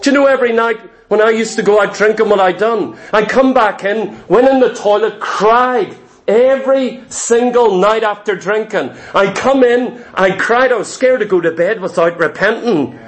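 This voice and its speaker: A man's voice: high voice, moderate pace. A man preaching a fervent, confessional testimony in a sermon, repeating key phrases for emphasis.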